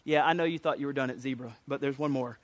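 A man's voice: medium pitch, steady tone, fast, no echo, voice pushed down, close to an everyday voice. A man voicing God as a casual, chummy fellow with a laid-back, joking manner.

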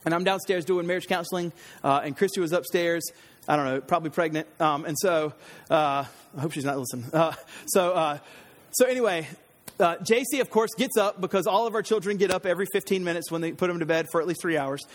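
Guy pastor preaching, pretty high voice, lively storytelling, big echoey hall. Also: quick pace. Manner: animated storytelling, acts out voices. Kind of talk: sermon with personal story. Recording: long hall reverb.

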